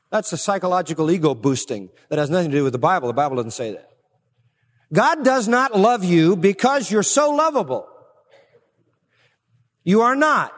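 A man preaching a sermon emphatically, pressing some words hard and dropping low and slow on others. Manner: emphatic, swings between raised stresses and low, slow drops. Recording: long reverb of a large hall.

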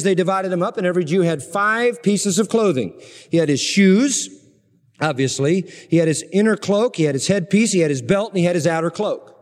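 Male preacher, expository sermon; emphatic and dramatic delivery, slightly high voice, reverberant hall. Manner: emphatic, dramatic swings in pitch and pace. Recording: long reverb of a large hall.

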